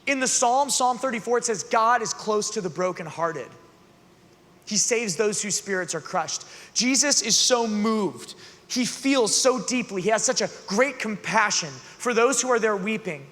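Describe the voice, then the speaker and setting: A man giving an earnest, conversational youth talk that builds to loud emphatic passages, recorded in a large arena hall. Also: high voice. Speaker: youth conference speaker. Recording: long hall reverb.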